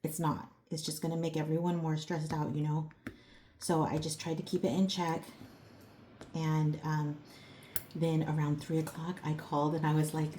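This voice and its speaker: A woman's voice: low-pitched, flat delivery, normal speed, warm tone, slight background noise. A middle-aged woman hosting a crafting vlog, chatting casually at home in a rambling, storytelling way full of fillers and light laughs. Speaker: crafting vlogger. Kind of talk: casual chat while crafting.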